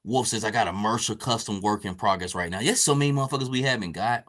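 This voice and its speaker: Here a podcast host swears freely and chats in a laid-back, loose way, reading out chat comments while he works on painting a figure. He talks fast, with a fairly low pitch and a slightly bright sound.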